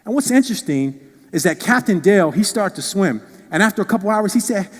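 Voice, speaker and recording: A man giving a motivational keynote speech, telling animated stories with playful asides, recorded on stage in a large hall. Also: sits high, a little fast. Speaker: keynote speaker. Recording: long reverb in a large hall.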